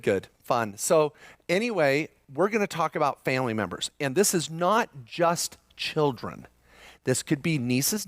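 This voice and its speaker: A middle-aged man presenting a live seminar, lively and full of jokes, tossing questions out to the crowd. His voice sits at an ordinary male pitch. The sound is close and dry, with hardly any room echo. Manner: lively, joking, quizzes the audience.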